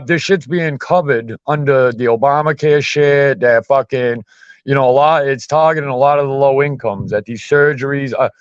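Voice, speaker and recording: A man's voice: mid-range voice, clean tone, dry recording. Man, blunt and profane, casual chat, heated delivery, muffled dry recording. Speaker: podcast host. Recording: dull muffled dry sound.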